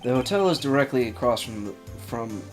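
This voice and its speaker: A man's voice: mid-range voice, expressive, fairly quick, faint music behind. Dry-voiced man, let's-play co-host. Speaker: gaming channel co-host. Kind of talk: casual let's-play banter, reading game lines.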